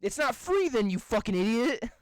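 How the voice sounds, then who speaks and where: Very high-pitched and extremely animated, a young podcast co-host trades crude, casual banter, cursing constantly and sounding exasperated. He sometimes spells words out slowly, and the audio has no room sound.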